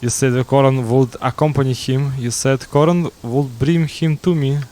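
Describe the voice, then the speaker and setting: Man reading a proud lovesick beast, flat read, trips over words sometimes. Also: medium pitch, normal speed, close to an everyday voice.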